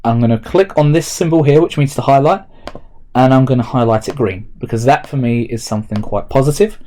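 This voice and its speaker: A male history teacher walks students through a recorded remote lesson, narrating each step aloud as he types notes. His voice is mellow and relaxed at an ordinary middle pitch, and he moves at a brisk pace.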